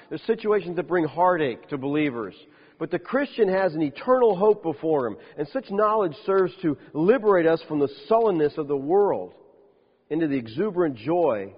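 A man preaching a sermon as a pastor, lively, with rhetorical questions and dry humorous asides. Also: a little high, breathy edge. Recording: dull lo-fi sound with long reverb.

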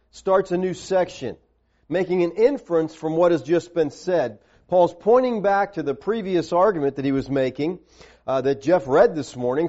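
A man preaching an expository Bible teaching sermon, stressing key words and slowing on quoted verses. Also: a little high, a little mellow. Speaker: pastor. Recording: dull lo-fi sermon recording.

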